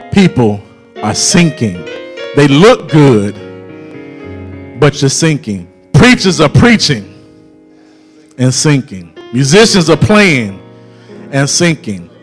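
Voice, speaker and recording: A man preaching a sermon in a church, rising into a shouted, chanted whooping cadence and drawn-out phrasing. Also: mid-range voice. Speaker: pastor. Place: church sanctuary.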